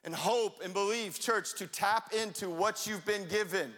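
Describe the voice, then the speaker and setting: A young man preaching a sermon in a lively, conversational way, now and then rising to a shout. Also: high-pitched, measured pace. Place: church sanctuary. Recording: long hall reverb.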